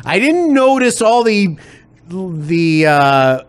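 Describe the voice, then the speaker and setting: A man's voice: high voice, very animated, very slow, smooth. A man co-hosting a comedy podcast, talking in a hesitant way and laughing along. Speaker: podcast co-host. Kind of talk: casual comedy podcast banter.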